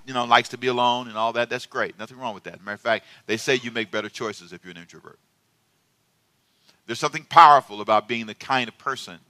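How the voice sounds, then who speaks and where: A man preaching a sermon as pastor, talking in a rambling, self-deprecating way that swings from quiet asides to sudden loud bursts. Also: mid-range voice, no room sound.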